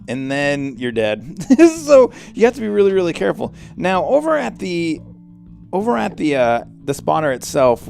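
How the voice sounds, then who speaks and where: A man with a somewhat high, very lively voice talks through his gameplay in a chatty, excitable way. His pitch swings widely as he exclaims in surprise, and faint guitar music plays under him. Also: vocal fry. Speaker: let's play host. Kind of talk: casual gameplay commentary.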